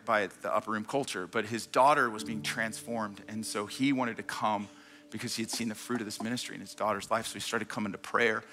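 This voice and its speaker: A man preaching a sermon in a church, telling stories with energy and quick repeated restarts. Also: medium pitch, sharp tone. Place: church stage before a congregation.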